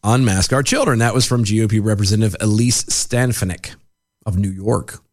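A man co-hosting a casual political podcast, sarcastic and quick to laugh as he reads out quotes. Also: on the low side. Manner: sarcastic, animated, laughs easily. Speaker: podcast co-host.

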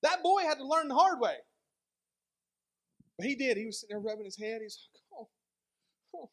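Guy pastor w a pretty high voice, chatty sermon storytelling style. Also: a little fast. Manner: conversational storytelling with lively dynamic swings.

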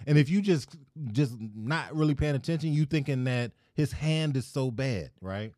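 A man with a lively, swooping voice chats on a podcast, laughing often. He mimics his relatives' card-table talk. The recording is close and dry. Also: mid-range voice, normal speed, dry recording. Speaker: podcast co-host. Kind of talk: casual chat.

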